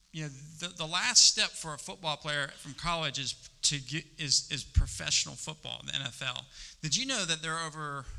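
A middle-aged man preaching a sermon, stressing some words loudly and dropping to a hush on others. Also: on the high side, vocal fry. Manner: emphatic, swings between loud stresses and hushed asides. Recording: long reverb of a large hall.

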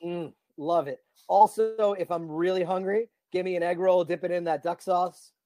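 A man's voice: high-pitched, fairly even intonation, moderate pace, warm tone, dry recording. A man co-hosting a podcast, rambling with enthusiasm in casual chat. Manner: enthusiastic, rambling food talk. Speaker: podcast co-host.

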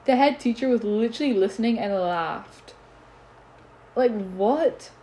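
A woman's voice: fairly high pitch, expressive, unhurried, dark tone. A teenage girl hosting a solo podcast, ranting bluntly and swearing in a casual, exasperated way.

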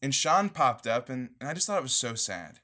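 A man co-hosting a podcast, chatting casually and animatedly, retelling scenes with quick impressions. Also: mid-range voice, big pitch swings, bright, forceful tone. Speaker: podcast co-host. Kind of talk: casual review chat.

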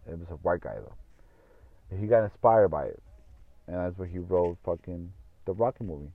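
Low-voiced man telling a rambling story. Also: expressive, moderate pace, vocal fry, no room sound. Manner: rambling, repeats himself, swears often. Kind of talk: casual storytelling monologue. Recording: tinny phone-like audio.

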